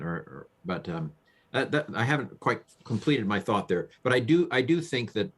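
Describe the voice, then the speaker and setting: A male professor joins a podcast over a video call. His voice sits a bit low, and he works through his ideas hesitantly, repeating words and filling pauses with um. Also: lively intonation, fairly bright tone. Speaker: guest professor.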